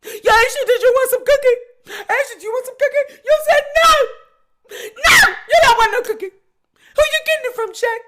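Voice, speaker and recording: Brief: woman doing a shrill, bright, shouting gossip queen, cursing and wailing. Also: normal speed. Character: furious loud woman gossip vlogger, shrieking.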